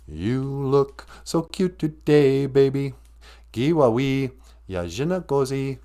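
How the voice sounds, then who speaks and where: A man's voice: medium pitch, sing-song, warm tone. Playful Minnesotan man in his fifties. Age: 50s. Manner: playful, laughing, drawls phrases out slowly. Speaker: podcast host. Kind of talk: casual comedic podcast chat.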